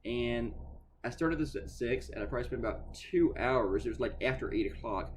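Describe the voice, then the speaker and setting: Talking as he draws, a cartoonist delivers a casual, rambling monologue in an animated, mid-range voice at a moderate pace. He's chatty and sarcastic, curses freely and keeps restarting sentences, with a little hiss or hum on the audio.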